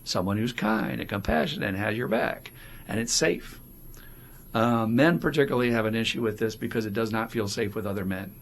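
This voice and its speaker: Gravelly man talking recovery, animated. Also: fairly low pitch, slight background noise. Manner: animated, acts out quoted voices. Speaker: podcast co-host. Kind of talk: casual recovery podcast talk.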